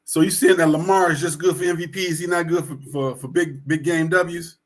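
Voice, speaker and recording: A man with a slightly high voice co-hosts a casual sports talk show. He talks in a laid-back, reflective way, musing over his own past and the game. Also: steady tone, brisk.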